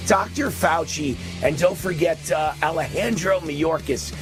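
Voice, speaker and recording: A man from New York hosting a live political commentary show, ranting with loud emphatic delivery. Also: on the high side, unhurried, music in the background. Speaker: show host.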